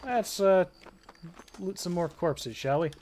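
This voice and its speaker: A man talking loosely over his gameplay stream, casual and quick to swear. His voice sits slightly high. A faint layer of noise runs behind him. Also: animated, darkish tone. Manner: chatty, laughing, swears freely. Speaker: game streamer.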